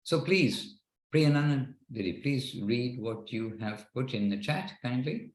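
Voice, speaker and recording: A man's voice: medium pitch, lively intonation, a little slow, reverberant, rough recording. A man leading an online devotional class over a video call, talking in an earnest, rambling way with frequent restarts. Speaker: class leader. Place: home in Wexford, Ireland, on a video call.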